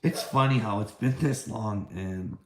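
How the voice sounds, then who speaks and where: A man's voice: fairly low pitch, unhurried, fairly bright tone, roomy sound. A man in a rambling livestream rant, taunting and preachy, swearing often and laughing between lines. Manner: taunting, calls listener "bud", frequent laughter; profane, preachy.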